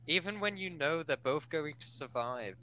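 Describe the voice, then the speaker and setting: Bright-voiced young man, rambling. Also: fairly high pitch, animated, moderate pace, muffled recording, a little hiss or hum. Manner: chatty, rambling. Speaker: podcast co-host. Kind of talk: casual podcast chat.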